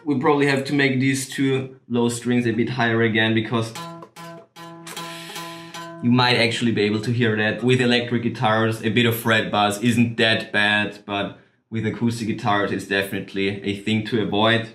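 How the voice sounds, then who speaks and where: A man's voice: on the low side, moderate pace, roomy sound. Chatty man explaining guitar setup. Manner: relaxed, chatty, laughs at himself. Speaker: guitar vlogger. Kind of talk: casual tutorial.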